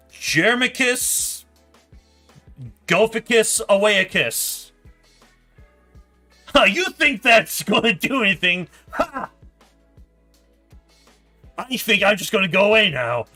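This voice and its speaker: A man's voice: high voice, lively intonation, slow pace, pauses often, bright, forceful tone, faint music behind, pitched above the performer's own voice, heavily acted. A man voicing a flustered, educated male wizard trying a spell.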